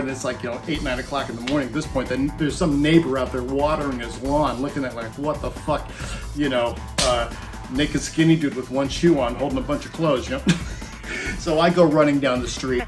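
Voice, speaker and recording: A man in his fifties tells a rowdy story in a loose, rambling way and keeps breaking into chuckles. His voice sits a little high for a man. Clear music plays behind him the whole time. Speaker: former roadie telling tour stories. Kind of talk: casual comic storytelling. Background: music playing under the voice.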